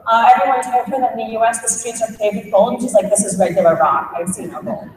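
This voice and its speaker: Young adult woman, high voice, animated storyteller, on stage, big echoey hall, distant mic. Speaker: conference speaker. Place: large conference hall.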